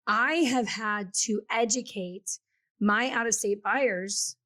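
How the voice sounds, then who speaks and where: A real estate agent from the Kansas City area co-hosts a casual chat, telling stories in a chatty, animated way and acting out the quotes she relays. Her voice is medium in pitch, and she takes her time.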